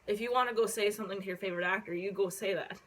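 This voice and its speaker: A young woman from Canada telling a casual story on her phone vlog, rambling with lots of fillers and casual swearing while she hiccups and keeps clearing her throat. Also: medium pitch, very fast, a bit bright, rough recording. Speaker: vlogger.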